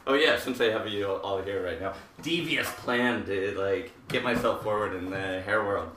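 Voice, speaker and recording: A hairdresser in his thirties hosts a live haircutting stream, rambling between jokes and technique as he works. His voice sits a little low yet sounds bright and forceful. It reaches a distant mic in a roomy space with faint background noise. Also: normal speed. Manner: rambling and jokey, with many fillers and asides. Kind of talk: casual live-stream chat while demonstrating a haircut.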